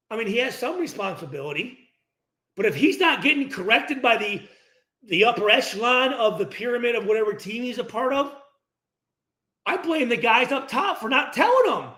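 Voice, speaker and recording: A man in his middle years talks straight and profanely about accountability, acting out locker-room exchanges in quick voices. His voice sits high for a man and leaps around constantly, full of energy. The room around him rings with a clear echo. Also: sharp tone. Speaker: former football player hosting a post-game reaction stream. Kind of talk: casual, profane livestream rant.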